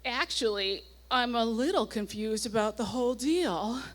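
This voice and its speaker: A woman's voice: a little high, animated, a little slow. A woman in her forties on a nightclub stage, reading her teenage diary aloud into a microphone, with wry asides and passages read with mounting gusto. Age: 40s. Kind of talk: live comic diary reading. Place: stage at a nightclub before an audience.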